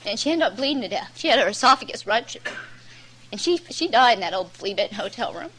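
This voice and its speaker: Woman, recovery meeting speaker: bright, high-leaning voice, blunt, rambling storyteller. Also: expressive, quick pace, poor audio. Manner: candid, rambling storyteller, many "you know"s; plain-spoken and blunt. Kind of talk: personal testimony at a recovery meeting.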